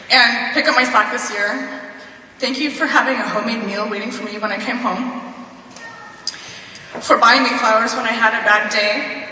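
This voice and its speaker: A young woman speaks at her graduation, emotional and close to tears. Her voice is fairly high and bright. She is heard from a distance across a big hall with long reverb. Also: a little hiss or hum. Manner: tearful, warm, fighting back tears with nervous laughs. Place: large hall. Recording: echoey hall, heard from far off.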